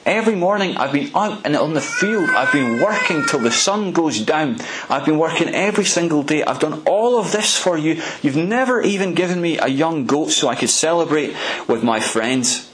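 A preacher voicing an indignant older brother, young man, resentful, raised higher pitch, insistent repetition, loud complaining, quiet hum behind. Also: animated, normal speed, few pauses.

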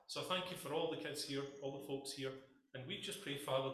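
A man's voice: medium pitch, fairly quick, bright, forceful tone. A Scottish man preaching a passionate sermon to his congregation in a church hall, speaking emphatically and addressing them directly. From Scotland. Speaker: pastor.

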